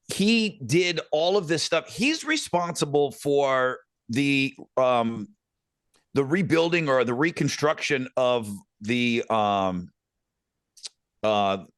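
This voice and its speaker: A man's voice: mid-range voice, takes it slowly, fairly bright tone, smooth, dry recording, clean studio sound. A middle-aged man hosting a podcast, telling a rambling anecdote with lots of fillers. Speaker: podcast host. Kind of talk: casual storytelling chat.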